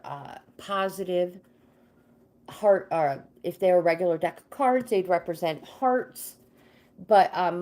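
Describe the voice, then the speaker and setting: A woman's voice: lowish voice, warm tone. A woman hosting a casual livestream, greeting viewers by name and reading tarot cards in a chatty, easily sidetracked way. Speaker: livestream host and tarot card reader.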